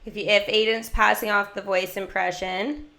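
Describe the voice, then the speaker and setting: A woman's voice: medium pitch, little pitch movement, normal speed, vocal fry, pushed and bright, echoey room. A woman livestreaming a mobile game, talking casually and giggling often, with many "like" fillers. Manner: chatty, giggly, heavy use of "like". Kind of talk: casual gameplay livestream chat.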